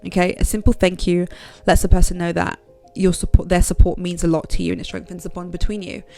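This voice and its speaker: A woman's voice: lowish voice, little pitch movement, quick pace, vocal fry, dark tone, faint music behind. A woman giving frank, direct motivational advice to her viewers in a casual vlog. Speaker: self-help vlogger. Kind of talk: motivational talk to camera.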